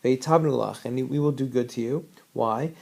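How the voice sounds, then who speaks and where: A man's voice: mid-range voice, moderate pace, vocal fry, darkish tone. A man teaching a recorded lesson, reading Hebrew verses and translating them line by line, with frequent fillers and self-corrections.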